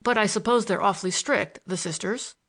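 A woman reading the lines of a smitten young gentleman in an audiobook, earnest and a little awkward. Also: medium pitch, a little fast. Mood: gallant. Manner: earnest, gallant, slightly awkward.

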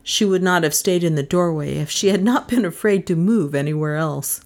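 A woman reading a mystery novel aloud, expressive and rising in pitch at tense moments. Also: moderate pace. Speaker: audiobook narrator. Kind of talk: dramatic audiobook narration.

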